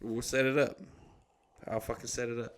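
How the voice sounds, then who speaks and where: A man's voice: mid-range voice, level tone, normal speed, a bit bright, slight background noise. A young man hosting a podcast, telling a rambling, profane story and admitting he is a bit drunk. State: slightly drunk. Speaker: podcast host, comedian. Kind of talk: casual chat, storytelling.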